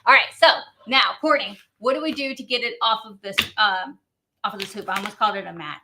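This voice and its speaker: A woman's voice: fairly high pitch, fast, noisy background. A woman hosting a live craft demo, chatty and bubbly, laughing often as she reads viewer comments.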